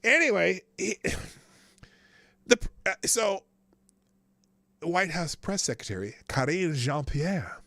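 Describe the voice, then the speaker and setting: A man hosting a live political commentary show, his voice rough and gravelly and slightly high. He talks in a sarcastic, rambling way, swearing freely and restarting his sentences, with a very animated melody. The sound is dry and close, with almost no room echo. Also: takes it slowly, pauses often.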